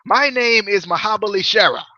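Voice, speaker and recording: A man doing an impression of an excitable foreign wrestler, using a put-on Indian accent and broken English. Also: normal speed, no echo, highs cut off. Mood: hyped. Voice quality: high, broken English, sing-song.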